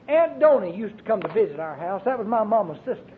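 A Baptist preacher, preaching an emphatic, storytelling sermon with many repeated phrases. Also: male voice, expressive, a little fast, few pauses. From Arkansas, US. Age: 40s. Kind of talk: fervent sermon. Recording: tinny lo-fi recording with faint hiss and rumble.

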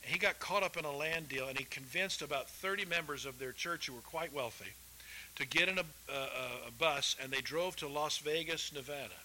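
A man preaching a sermon, rising loud for quotations and dropping low and quiet for folksy asides. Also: normal speed, a little hiss or hum, low-quality recording. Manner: folksy, addresses listeners as folks. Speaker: pastor.

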